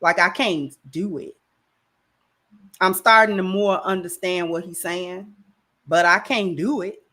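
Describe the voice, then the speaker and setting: A woman's voice: on the low side, a little slow, pauses often, bright, forceful tone. A woman hosting a livestream, talking casually in a slangy, rambling way on a camera mic. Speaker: livestream host.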